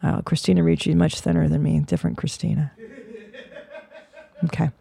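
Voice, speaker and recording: A woman's voice: low-pitched, level tone, fairly quick, vocal fry, dark tone. Blunt, profane woman podcast host. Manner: profane, blunt, sarcastic rants. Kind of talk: casual podcast chat.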